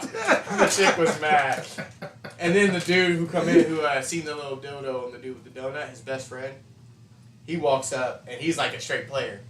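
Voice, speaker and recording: A man's voice: on the high side, animated, moderate pace, a bit bright. A man co-hosting a casual chat, animatedly retelling a story with swearing and laughter. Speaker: co-host. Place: room during a painting stream. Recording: roomy, distant mic, faint noise.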